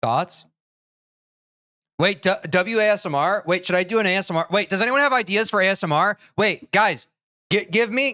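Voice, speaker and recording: A man's voice: high voice, pushed and bright, smooth. A young man streaming live who chats casually with his viewers and counts aloud while he plays. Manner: chatty, counting aloud, talks to chat.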